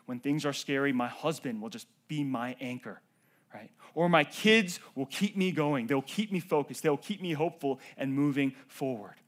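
A male pastor preaching a sermon. He swings between loud emphatic rises and hushed near-whispers, and he often checks in with the congregation by asking "right?" and "okay?". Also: medium pitch, normal speed. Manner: addresses the congregation directly with frequent "right?" and "okay?".

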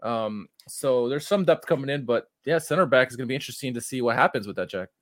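A man's voice: medium pitch, fast talker, fairly bright tone, no room sound, clean studio sound. Rambling casual podcast host, man. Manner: rambling, self-correcting, loose. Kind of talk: casual football podcast chat.

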